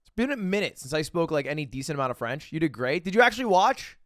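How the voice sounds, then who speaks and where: Young man, livestream host, high lively voice, jokey, curses a lot, dry close mic. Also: quick pace, dry recording. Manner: animated, jokey, swears freely. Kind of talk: casual chat with viewers.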